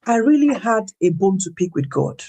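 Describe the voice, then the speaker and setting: A woman shares her faith testimony in an animated, preacherly way. She repeats words when she is emphatic, and her voice leaps upward as she retells a story. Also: medium pitch, moderate pace, slightly rough. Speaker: guest speaker. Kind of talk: faith-based personal testimony.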